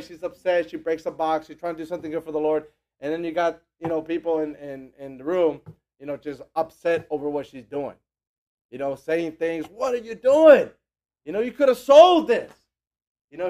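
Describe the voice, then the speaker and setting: A man preaching a sermon in an animated, conversational way, acting out the people he quotes. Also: fairly high pitch.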